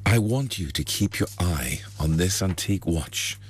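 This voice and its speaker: A man playing a theatrical stage hypnotist, with a low, soothing, showy delivery. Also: lively intonation, measured pace, slightly rough, heavily acted. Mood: grand. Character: theatrical male stage hypnotist, calm and grand.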